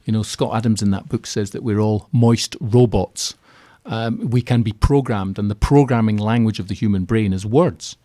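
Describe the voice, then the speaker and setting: A man talking as a guest in a radio interview, chatty and animated, acting out little quotes as he goes. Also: lowish voice, normal speed, few pauses, dry recording, clean studio sound. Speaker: radio guest, keynote speaker on property finance. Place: radio studio.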